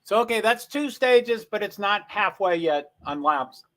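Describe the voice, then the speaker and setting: A man's voice: high-pitched, lively intonation, a little slow, pushed and bright. A man hosting a casual livestream, chatting with viewers, thinking aloud and reading race stats off the screen. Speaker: livestream host.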